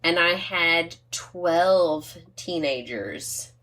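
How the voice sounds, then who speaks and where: Over wine, a middle-aged woman co-hosts a podcast in a lowish, fairly bright voice, talking very slowly. She chats casually, rambles off on tangents, and laughs at her own jokes.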